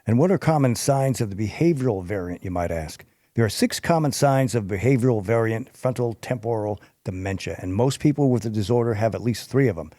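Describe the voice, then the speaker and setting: A man hosts a podcast and reads through health facts from his notes, breaking off now and then for a casual aside. He trips over the harder terms from time to time. His voice sounds close and dry, at a middle pitch. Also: expressive, a little fast, few pauses, dark tone, no room sound. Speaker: podcast host. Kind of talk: reading health information aloud.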